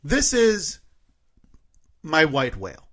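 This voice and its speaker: A man's voice: on the high side, huge pitch swings, slow, fairly bright tone. Playful Midwestern man co-hosting. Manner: rambling, self-correcting, playful. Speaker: podcast co-host. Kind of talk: casual chat.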